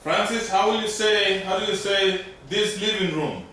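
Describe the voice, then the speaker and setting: A man's voice: high voice, moderate pace, sharp tone, a little hiss or hum. A male language teacher running a classroom lesson, patiently quizzing his students one by one. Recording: echoey classroom from far off.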